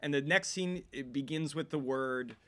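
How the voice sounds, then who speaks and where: An American man co-hosts a laid-back film podcast, chatting casually about movies and spinning rambling stories he keeps interrupting. He talks at normal speed in a medium-pitched voice.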